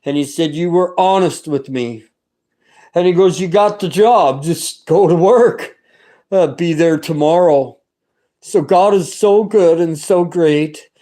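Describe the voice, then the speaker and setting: A man's voice: a little high, takes it slowly, mellow. A middle-aged man giving a personal religious testimony, talking in an earnest, rambling and fervent way with many restarts.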